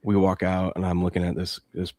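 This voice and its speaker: A man hosting a sports betting show, chatting casually and telling animated stories. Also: deep voice, no room sound. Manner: animated storytelling, reads ad copy quickly.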